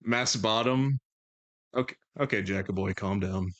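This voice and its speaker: Man, streamer host, low pitch, playful banter, dry close sound. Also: a little slow, fairly bright tone, dry recording, lo-fi sound. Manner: playful, bantering with chat, thanking viewers. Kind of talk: casual live-stream chat.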